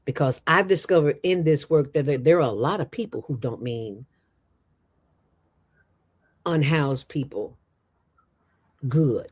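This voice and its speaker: A woman who founded a nonprofit, telling stories in an interview with an emphatic, streetwise, animated manner. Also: low voice, unhurried, pauses often, husky.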